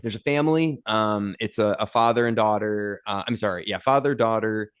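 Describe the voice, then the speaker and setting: A man with a low voice talks through a movie he watched. He rambles in an easy, relaxed way with many fillers, and he speaks as a podcast co-host. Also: moderate pace, smooth. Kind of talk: casual film review chat.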